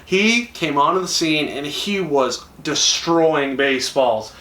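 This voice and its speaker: A man's voice: a little high, lively intonation, slow, a bit bright, recorded from a distance, a little hiss or hum. A young man chatting enthusiastically to camera, acting out quoted lines. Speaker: YouTuber. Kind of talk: casual talk to camera. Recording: echoey room, a little off-mic.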